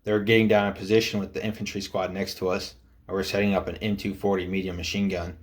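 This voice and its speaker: A man narrating a first-person military story in a steady, matter-of-fact reading. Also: low-pitched, quick pace.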